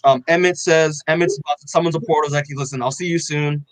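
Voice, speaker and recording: A young man co-hosting a podcast, excitedly recapping a comic in loose casual chat, full of "like" and swearing, acting out the characters' lines. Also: on the high side, a little fast, no room sound, poor audio. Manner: excited, loose, heavy on "like" and swearing, acts out quotes. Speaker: podcast co-host.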